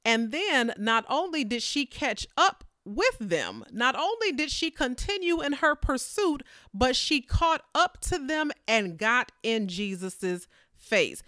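A woman preaching a sermon in a conversational, animated way, acting out the people in the story with playful voices. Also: high voice, takes it slowly, no room sound, studio quality.

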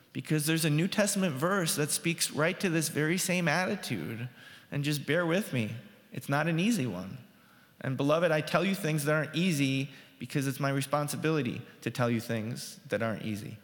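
A man's voice: a little high, a bit bright, long reverb tail. A man preaching a sermon in a conversational way, with fillers and restarts, his voice rising sharply when he quotes others.

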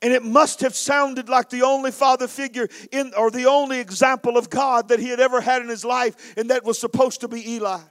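Male preacher, very high voice, dramatic storytelling sermon. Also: little pitch movement, brisk, few pauses, fairly bright tone. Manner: dramatic, emphatic delivery.

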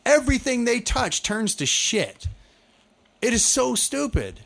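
A man's voice: very high-pitched, sing-song, measured pace, creaky, fairly bright tone. A man co-hosting a casual chat, ranting about TV shows with lots of profanity and exasperation. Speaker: podcast co-host.

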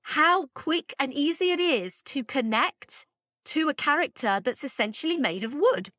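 A woman's voice: sits high, lively intonation, moderate pace, bright, forceful tone, no room sound, studio quality. A woman co-hosting a podcast, chatting casually and thinking aloud with plenty of fillers. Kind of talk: casual chat.

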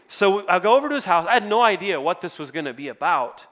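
A man's voice: high voice, expressive, quick pace, a bit bright. A male worship pastor preaching to a church congregation in a conversational, storytelling way with self-deprecating humor. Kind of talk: sermon.

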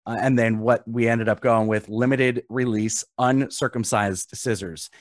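A man's voice: medium pitch, fairly even intonation, measured pace, no room sound, clean studio sound. A man hosting a casual podcast, joking, laughing often and telling stories with animation. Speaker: podcast host. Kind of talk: casual chat.

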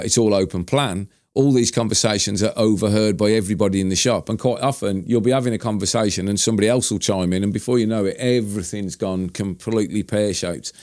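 A man's voice: on the low side, darkish tone, dry recording. A man hosting a podcast, talking in jokey, rambling banter into a studio mic. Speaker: podcast host. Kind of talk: casual banter. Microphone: headphones and studio mic.

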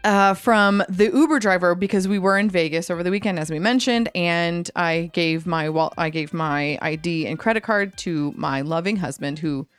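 A woman hosting a casual chat show, telling stories lively and acting out phone conversations. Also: moderate pace, few pauses, clear, resonant tone, no echo, faint music behind. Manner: animated storytelling, acting out phone calls with bright high voices. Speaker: podcast host.

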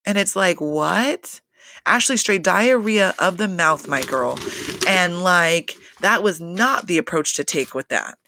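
A man's voice: high-pitched, animated, unhurried, sharp tone. A man giving a casual, profane recap of a reality show, rambling with constant fillers and swearing. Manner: rambling, heavy "like" fillers, frequent swearing and laughter.

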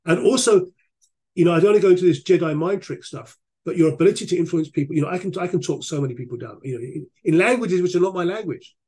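A middle-aged man, a guest expert on a podcast, talking in an animated storytelling way and repeating words for emphasis. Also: high voice, fast talker, husky. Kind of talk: podcast interview conversation.

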